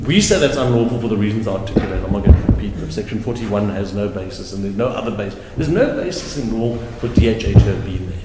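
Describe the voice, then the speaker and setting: A male advocate giving a deliberate, emphatic courtroom argument, repeating words for stress. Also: fairly low pitch, expressive, heavy background noise. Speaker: advocate arguing an appeal. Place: large courtroom. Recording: very echoey courtroom with long reverb.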